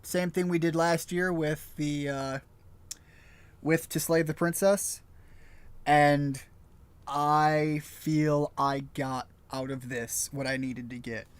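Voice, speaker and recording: A man live-streaming a game, talking it over in a casual, thoughtful, halting way. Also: on the high side, flat delivery, clear, resonant tone, no echo. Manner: thoughtful, halting, searching for words. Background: game music.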